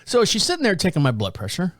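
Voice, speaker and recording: In a dry, studio-quality recording, a podcast host whose voice sits high races through a casual story. He's lively, laughs often, and does voices for the people he quotes.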